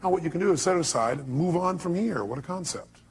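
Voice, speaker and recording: Emphatic motivational speaker, fairly high voice. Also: male voice, animated, quick pace, husky. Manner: emphatic, fires rhetorical questions at the crowd. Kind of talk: motivational speech to a live audience.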